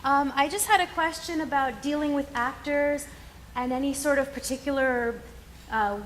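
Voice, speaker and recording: Woman rambling through an audience question, high voice, echoey room. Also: normal speed. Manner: rambling, hesitant, many restarts. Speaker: audience member asking a question. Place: large hall with audience. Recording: echoey hall, light hiss.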